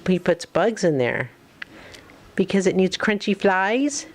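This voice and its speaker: A woman reading a picture book aloud to a small child, slow and coaxing, asking questions as she goes. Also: mid-range voice, lively intonation.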